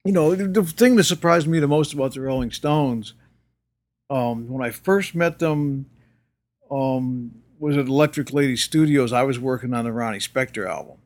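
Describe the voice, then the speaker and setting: A man's voice: mid-range voice, normal speed, a little mellow. Older man, interview guest, rambling storyteller, lots of you-knows and laughs. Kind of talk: casual storytelling.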